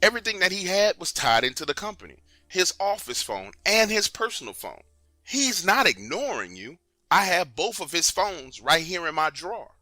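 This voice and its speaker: A man's voice: high voice, very animated, moderate pace, bright, forceful tone, no room sound, heavily acted. A man doing a blunt, frank HR lady. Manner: blunt, familiar.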